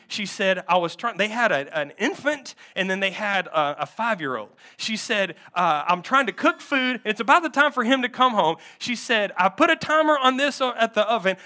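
A man's voice: high voice, bright, forceful tone. A man preaching a sermon as a pastor, animatedly acting out a story from a counseling session.

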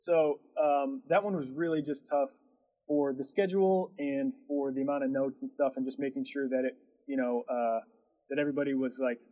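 A man's voice: mid-range voice, steady tone, moderate pace, warm tone, poor audio. A man who runs a production company, telling a story in casual chat, rambling with lots of fillers and laughing as he goes.

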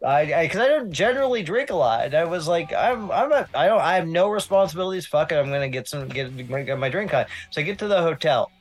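A man's voice: on the high side, fast talker, few pauses. A man chatting as a guest critic over a video call, telling stories in a loose, profane way. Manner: profane, animated storyteller. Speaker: guest film critic and interviewer. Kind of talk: casual storytelling chat.

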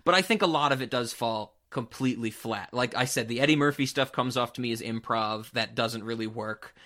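A man's voice: medium pitch, brisk, bright, forceful tone. A man hosting a casual film chat, ranting animatedly and swearing. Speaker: podcast host.

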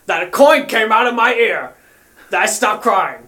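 High bright giggly man joking around. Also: lively intonation, normal speed. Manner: giggly, playful, keeps laughing mid-sentence. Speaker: comedic podcast host. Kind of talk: improvised comedy banter.

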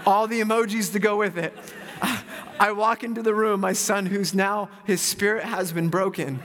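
A man in his thirties, a pastor, preaching a sermon and telling a personal story in a lively, self-mocking way. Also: high-pitched, normal speed. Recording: long reverb of a large hall.

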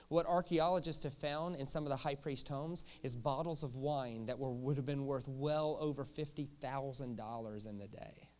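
A man preaching a sermon in a jokey, animated way, often checking in with the crowd with quick questions. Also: mid-range voice. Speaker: pastor.

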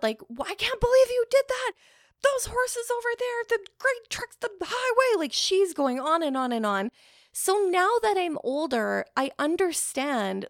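A woman's voice: fairly high pitch, gravelly, dry recording, studio quality. A woman telling a personal story in a casual, rambling way, swearing freely.

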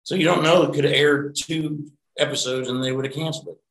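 Man, middle-aged, gravelly, rambling, profane, casual interview guest, roomy sound. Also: fairly high pitch, fast talker, slight background noise. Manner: rambling, profane, animated anecdotes.

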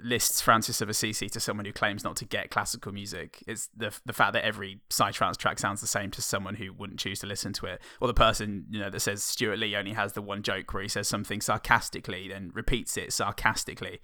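Bright, playful man on a film podcast. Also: on the low side, level tone, no room sound, studio quality. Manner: playful, jokey, quick asides. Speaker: podcast co-host. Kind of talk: casual film discussion podcast.

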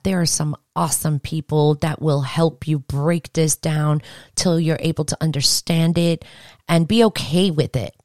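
A woman's voice: low-pitched, a little mellow, no room sound, studio quality. A woman hosting a podcast, talking earnestly in a rambling, conversational way with frequent restarts. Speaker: podcast host. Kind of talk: casual podcast monologue.

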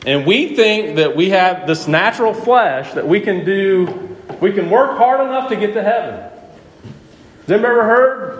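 A man's voice: high voice, moderate pace, a little hiss or hum. A man preaching a sermon who keeps putting questions to his listeners and hammers his points home. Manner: lively, questioning the audience, emphatic. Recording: echoey room with faint ambience.

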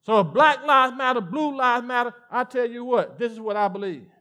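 High, bright-voiced Southern preacher man. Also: fairly quick. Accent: Southern American. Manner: animated preaching, voice swinging from loud to hushed. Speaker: pastor. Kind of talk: sermon.

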